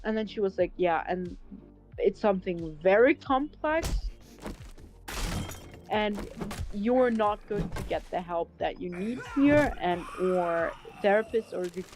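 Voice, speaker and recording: Young woman streamer, animated storyteller, swears freely, faint music behind. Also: medium pitch, measured pace. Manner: animated, swears a lot, laughs often. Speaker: livestreamer. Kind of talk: casual storytelling chat.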